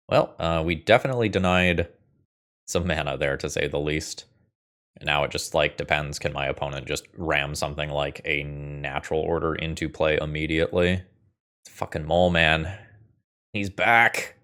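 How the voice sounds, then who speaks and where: Low male voice, casual gameplay commentator, wry and muttering, thinks out loud. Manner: wry, thinks aloud, swears when frustrated. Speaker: gaming video host.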